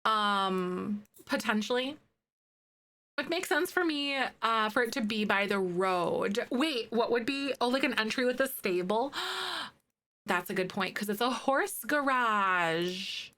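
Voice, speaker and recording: Here a young woman streaming a life-sim game speaks slowly in a higher, animated voice with a bright, forceful tone. The talk is casual and bubbly, packed with "like"s as she chats with viewers and responds to their messages while playing.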